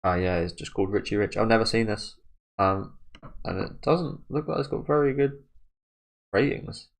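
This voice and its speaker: A man's voice: on the low side, expressive, normal speed, gravelly. A young British man giving loose, rambling commentary as he reacts to a manga, swearing freely and laughing at himself. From Britain.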